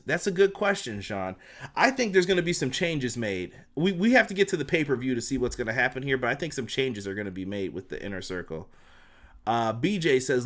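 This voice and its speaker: A man's voice: medium pitch, a bit bright. A young man recapping a wrestling show in a casual, slangy way, putting on voices for the quotes and reading out viewer comments.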